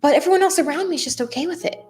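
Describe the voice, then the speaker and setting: A woman in casual chat, telling a story in a lively way and acting out the people in it. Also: high-pitched, very fast. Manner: animated, acts out quoted people. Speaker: tarot channel host.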